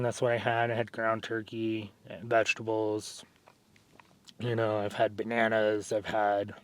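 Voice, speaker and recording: A man vlogging casually during an arm workout, telling stories in a rambling way, full of fillers. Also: medium pitch. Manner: rambling, filler-heavy storytelling. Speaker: fitness vlogger.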